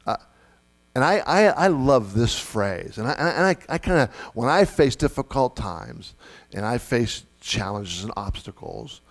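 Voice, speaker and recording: A man's voice: mid-range voice, expressive, measured pace, creaky. A middle-aged man delivering a sermon as pastor, conversational, repeating key phrases and putting questions to the congregation.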